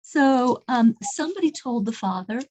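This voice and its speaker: A woman telling a faith story in an informal talk, earnest and halting, often repeating words as she goes. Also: a little high, lively intonation, darkish tone, low-quality recording. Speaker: religious storyteller.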